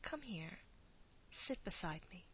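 一位女性演绎的古老掠食女妖，假扮伯爵夫人，声音偏低、明亮，语速缓慢，低语般诱惑地哄劝。. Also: female voice, lowish voice, animated, slow, sharp tone, breathy edge, exaggerated voice, rough recording. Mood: seductive. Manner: purring, seductive, coaxing. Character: ancient predatory female creature posing as a countess.

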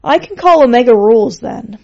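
A bright, high-pitched young heroine who chats playfully and boldly to fire and foes alike, as a woman reader puts her on. The recording sounds slightly dull and lo-fi. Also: animated, brisk. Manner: chatty, playful, cheeky. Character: plucky young woman cook, wry and bold.

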